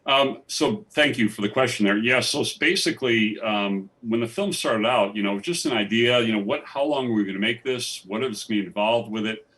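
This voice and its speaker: The lowish, fairly bright voice of a documentary filmmaker moves a little fast with few pauses as he tells stories in a live festival interview on a theatre stage. Eager and rambling, he keeps restarting, recorded by a distant mic.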